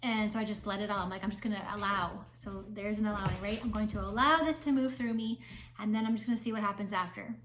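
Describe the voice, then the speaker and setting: A woman's voice: mid-range voice, fairly even intonation, fast, background noise. A woman, a spiritual mentor talking casually to camera in a chatty way, often checking in with "right?". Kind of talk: casual vlog talk to camera.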